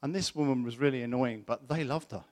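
A middle-aged man preaching a sermon, telling a personal story in an animated way and acting out the voices of people he quotes. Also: mid-range voice, fast talker.

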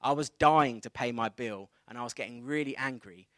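A man in his thirties preaching a sermon, telling a personal story in a conversational, animated way. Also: mid-range voice, moderate pace, dry recording. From England.

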